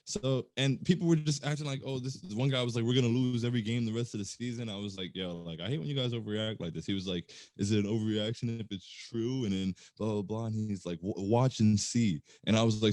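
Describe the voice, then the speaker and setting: A man co-hosting a sports podcast, ranting in an animated, exasperated way. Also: mid-range voice, a little fast, no room sound. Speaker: podcast co-host. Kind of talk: casual sports chat.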